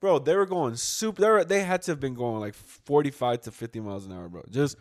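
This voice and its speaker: A man's voice: medium pitch, lively intonation, fairly quick. Swearing, storytelling man, casual chat. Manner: swearing storyteller, acts out quotes. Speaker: podcast co-host.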